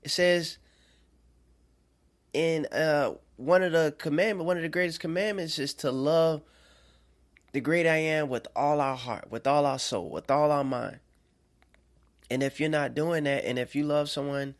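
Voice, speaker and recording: A man giving an informal sermon to listeners, conversational and checking in with them, swinging between rising emphatic stretches and soft, quiet ones. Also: medium pitch. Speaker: self-made preacher. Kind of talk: informal preaching monologue.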